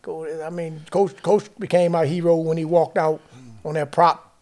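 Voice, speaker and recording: A man telling a long story in casual chat, animated and profane, acting out what other people said. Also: a little high, a little fast. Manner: animated, profane storytelling, acts out quoted dialogue. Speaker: guest storyteller.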